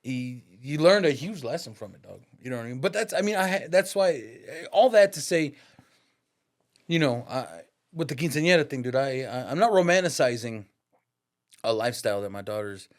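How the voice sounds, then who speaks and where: A man's voice: medium pitch, expressive, moderate pace. A man in his thirties, a barber, telling a story in a casual, slangy, profane way. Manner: slangy and profane, peppers talk with "dog" and "bro". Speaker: podcast guest, barber.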